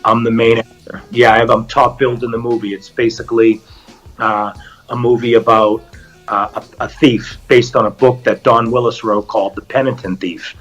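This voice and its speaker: A man's voice: mid-range voice, normal speed, lo-fi sound, soft background music. A middle-aged man with a Boston accent, an actor guest chatting casually and telling stories. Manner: animated storyteller, acts out quotes. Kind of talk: casual chat.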